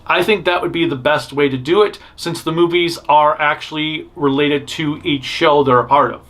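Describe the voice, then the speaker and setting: A male fan news host delivers casual, opinionated commentary at a moderate pace, rambling bluntly with frequent restarts and self-interruptions. His voice is on the high side and a bit bright.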